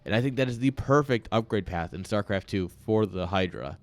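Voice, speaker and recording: A man's voice: fairly low pitch, lively intonation, brisk. A man casually commentating a live video game match, ranting and joking while chatting with viewers. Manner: rambling, ranting, jokey, chats with viewers. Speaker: esports caster and streamer.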